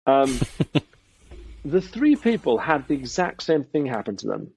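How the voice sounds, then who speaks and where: A man's voice: mid-range voice, measured pace, a little hiss or hum. A man, a guest entrepreneur, chatting casually in an interview and acting out the voices he quotes. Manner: animated storytelling, acts out quoted voices. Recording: dry, dull lo-fi sound.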